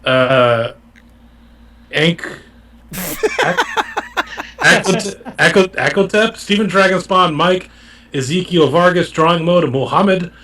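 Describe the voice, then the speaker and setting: A man's voice: high-pitched, expressive, slow pace, pauses often, bright, forceful tone, a little hiss or hum. A man co-hosting a casual podcast, joking around and stumbling over names as he reads them out. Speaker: podcast co-host.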